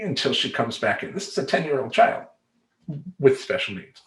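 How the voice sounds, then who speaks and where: A middle-aged man talks straight to camera as a life coach. His voice sits at an ordinary pitch, and he speaks in an emphatic, streetwise manner with plenty of slang. The recording carries a roomy echo. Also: moderate pace, fairly bright tone. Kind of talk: talking-head vlog monologue. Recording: roomy echoey room.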